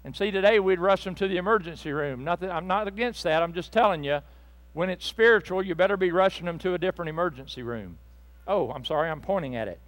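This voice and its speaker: Male preacher, high voice, fervent sermon that swings from loud bursts to hushed asides. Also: fast talker. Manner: speaks to the congregation directly, with asides and apologies.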